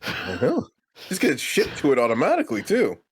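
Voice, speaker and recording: Teasing man with a very animated voice. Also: on the high side, fairly quick, husky. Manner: teasing, deadpan banter. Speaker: podcast co-host. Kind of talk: casual chat.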